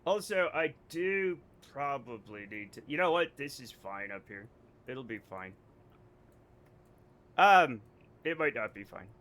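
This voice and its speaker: A man's voice: medium pitch, expressive, unhurried, long pauses, a bit bright. An American man streaming a game, joking and rambling to his chat. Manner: jokey, rambling, talks to chat. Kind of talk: casual livestream chat.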